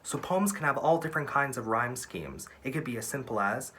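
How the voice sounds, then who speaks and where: Young male drama teacher, lively encouraging delivery, mid-pitched, swings his intonation. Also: a little hiss or hum. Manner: upbeat and encouraging, counts syllables out slowly. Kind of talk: online lesson for young students.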